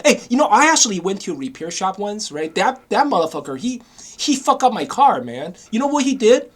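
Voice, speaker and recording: A man's voice: high voice, very animated, brisk, fairly bright tone. A man ranting angrily in a casual monologue, swearing often and repeating himself with frequent "you know?" asides. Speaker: vlogger.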